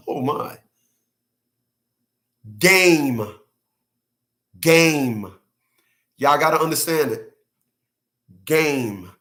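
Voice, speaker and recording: A man's voice: fairly high pitch, expressive, drawn-out words, pauses often, sharp tone. A man hosting his own channel, giving blunt, profanity-heavy commentary and repeating key words for emphasis. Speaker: channel host commenting on clips.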